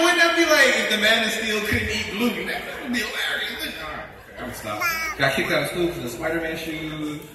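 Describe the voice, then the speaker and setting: Animated young man in an echoey hall. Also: fairly high pitch. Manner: animated, laughing at his own jokes, acting out voices. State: out of breath. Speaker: stand-up comedian. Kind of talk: stand-up comedy set. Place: convention hall. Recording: echoey hall, mic from far off, crowd noise.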